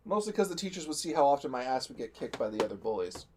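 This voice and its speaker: A man's voice: medium pitch, very animated, fast talker, darkish tone. A man chatting casually on a livestream, joking and acting out silly imagined conversations. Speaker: co-host.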